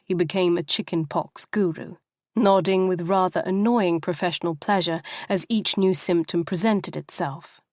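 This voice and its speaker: A woman narrates a novel as an audiobook in a low, even voice. Her reading is measured and steady. The recording is dry and close. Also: no echo. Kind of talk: scripted narration.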